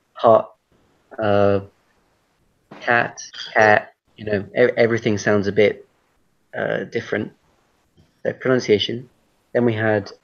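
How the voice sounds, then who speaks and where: A British man teaching an online English class, relaxed and hesitant, with many fillers and restarts, heard over a video call. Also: fairly low pitch. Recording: muffled lo-fi call audio.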